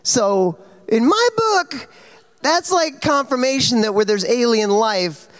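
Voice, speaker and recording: A man's voice: very high voice, animated, takes it slowly, a bit bright, clear, resonant tone. A man on a fan convention panel, telling a casual story with lots of fillers, self-corrections and laughs. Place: convention panel hall, on stage.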